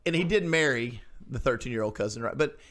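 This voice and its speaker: A man's voice: medium pitch, animated, quick pace, fairly bright tone. A man, chatting casually as a podcast co-host, rambling and restarting his sentences. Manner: rambling, restarts sentences, acts out quoted voices. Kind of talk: casual chat.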